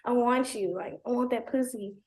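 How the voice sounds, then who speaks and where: A woman's voice: normal speed, natural voice. Woman mimicking a pushy tipsy young man. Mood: pushy murmur. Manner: murmured, lower and softer than her own voice. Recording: roomy echo.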